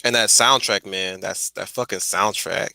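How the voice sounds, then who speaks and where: Laid-back male host, low animated delivery, bright tone. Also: unhurried, vocal fry, dry recording. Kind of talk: casual chat.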